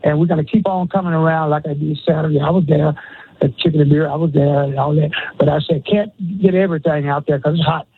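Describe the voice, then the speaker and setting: Man, radio caller, rambling, husky voice, tinny phone line. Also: a little high, fairly even intonation, quick pace, dry recording. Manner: rambling, casual, laughs between phrases.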